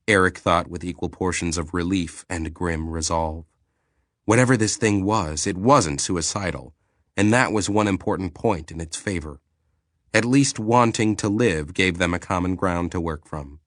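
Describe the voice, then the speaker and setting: A male narrator with a low voice and a bright, forceful tone reads a novel in scripted narration. His delivery is steady and even. The recording is dry and close, with no room sound. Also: normal speed, no room sound. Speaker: audiobook narrator.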